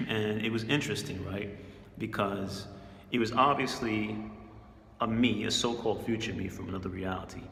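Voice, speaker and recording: A man's voice: on the low side, vocal fry, a bit bright, roomy sound, long reverb tail, slight background noise. A man casually telling a personal story in a laid-back, slangy way, chuckling often. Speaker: spiritual channel host.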